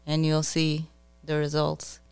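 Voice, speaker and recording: This is a giggly young woman co-hosting a podcast, chatting with lively, animated delivery. Her voice sits a little low for a woman and comes across smooth and clear. She tells stories and teases her co-host in a loose, casual way. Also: slow.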